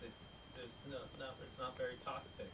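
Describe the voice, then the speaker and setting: A man's voice: medium pitch, level tone, fairly quick, distant mic, heavy background noise. Man telling a story from the crowd. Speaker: audience member, doctor. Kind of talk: casual anecdote from the crowd. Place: comedy club audience.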